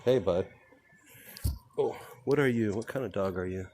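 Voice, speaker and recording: Walking and streaming live between a small shop and the street, this man chats easily with his audience, addresses passing animals, and laughs a lot. He speaks at a normal pace in a fairly low voice over background noise.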